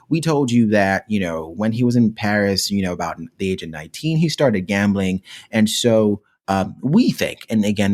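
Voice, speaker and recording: A podcast co-host telling a story in casual, animated chat, full of "you know"s and laughter. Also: medium pitch.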